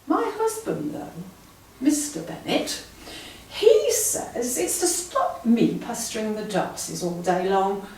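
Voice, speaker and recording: A woman plays a gossiping, matchmaking mother minding her shop in a homemade panto radio play. Her mellow voice swoops dramatically and unhurriedly, gushing as she goes. She sounds distant, in a roomy, echoey space. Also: on the high side. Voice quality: fluttery, gushing, self-deceiving chatter. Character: fussy gossiping middle-aged shopkeeper mother, matchmaking. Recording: roomy home recording, voice off-mic.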